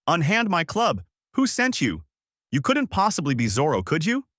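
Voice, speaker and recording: A man's voice: mid-range voice, big pitch swings, normal speed, a bit bright, dry recording, studio quality. A man voicing a vain, hot-tempered female pirate captain with a haughty, shrieking manner. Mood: furious.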